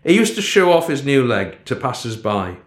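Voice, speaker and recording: A man narrating a first-person story in a steady storytelling manner. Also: mid-range voice, moderate pace. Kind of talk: storybook reading. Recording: echoey room.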